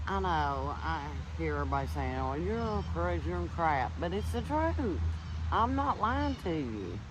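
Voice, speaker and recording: A man's voice: fairly high pitch, noisy background. A man earnestly telling viewers a personal ghost story and insisting it is true. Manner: earnest, insistent, swears to be truthful.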